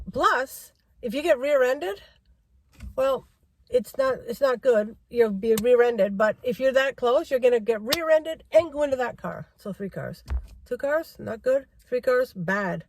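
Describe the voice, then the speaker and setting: A woman's voice: high voice, normal speed, a little mellow. A middle-aged woman vlogger in a car, giving a rambling driving-safety rant and repeating herself for emphasis.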